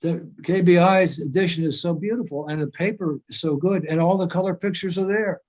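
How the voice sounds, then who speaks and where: A man's voice: high voice, steady tone, a little fast, darkish tone, poor audio. Emphatic older man with restarts. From United States. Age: 80s. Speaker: senior devotee speaker. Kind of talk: informal talk in a meeting.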